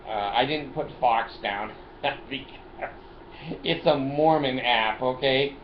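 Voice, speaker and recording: A man's voice: mid-range voice, slow pace. An older man hosting a casual vlog from his car, chatty and joking, often laughing and swearing as he shows off his gadgets. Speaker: video host. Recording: roomy, dull lo-fi sound, faint noise.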